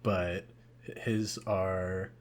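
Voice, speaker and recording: A man's voice: sits low, little pitch movement, extremely slow. A young man co-hosting a podcast in casual chat, rambling and hesitant with many fillers. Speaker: podcast co-host.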